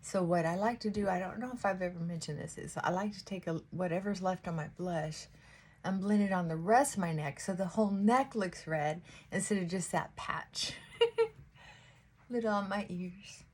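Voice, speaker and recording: A woman's voice: fairly low pitch, moderate pace, a little mellow, slightly rough. A middle-aged woman chatting casually to viewers while she does her makeup at home. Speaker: beauty vlogger. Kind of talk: casual get-ready-with-me chat.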